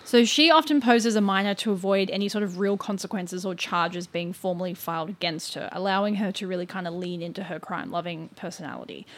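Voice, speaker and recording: A woman's voice: lowish voice, fairly quick, hardly any pauses. A woman co-hosting a podcast, telling a story in a casual, chatty way full of "like" and "um" and stumbling over names. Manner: chatty, filler-heavy with frequent "like" and "um".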